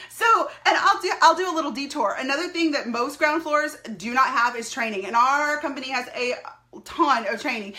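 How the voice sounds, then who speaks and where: A woman leading a network marketing team speaks on a live stream. Her voice sits high and bright, and she talks emphatically, repeating herself and laughing often. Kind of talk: live-stream talk to viewers.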